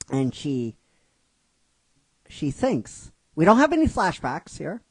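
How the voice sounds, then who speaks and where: Slow, rhetorical man narrating his script. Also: on the high side, huge pitch swings, husky, no echo. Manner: rhetorical, keeps asking "right?", repeats himself. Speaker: writer narrating his own fan script. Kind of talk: casual storytelling commentary.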